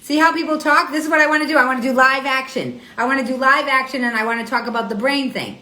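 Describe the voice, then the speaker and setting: Host type: bright, rather high woman, riled up, defending herself to viewers in an echoey room. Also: fairly even intonation, fast talker. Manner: indignant, argumentative, repeats herself. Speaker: host of a weekly live show. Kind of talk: Instagram live stream, reading and answering comments.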